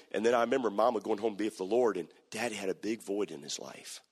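A male pastor preaching a sermon, moving between hushed storytelling and shouting. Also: on the low side, fast talker, husky. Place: church sanctuary. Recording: echoey church hall.

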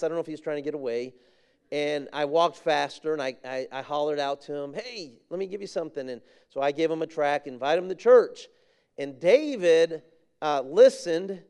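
High-voiced fervent preacher man. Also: a little mellow, clean tone. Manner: fervent, repeats phrases for emphasis; reads scripture in King James wording. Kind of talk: sermon with a personal story.

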